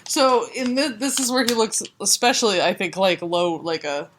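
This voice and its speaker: A woman's voice: mid-range voice, fairly even intonation, moderate pace, a little hiss or hum. A woman co-hosting a casual comic book podcast, retelling the plot with laughs and silly put-on voices. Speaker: podcast co-host.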